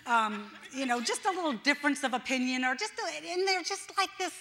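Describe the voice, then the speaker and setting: In the echoing hall of a church sanctuary, an older female pastor gives a self-deprecating, conversational sermon full of laughter and playacted voices. She speaks a little fast in a high, bright, forceful voice that stays animated throughout.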